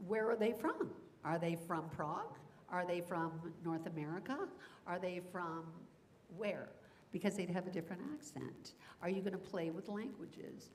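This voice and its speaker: A woman who teaches voice acting, speaking on a convention panel in an energetic, demonstrative way and laughing often. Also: lowish voice, normal speed, a little hiss or hum.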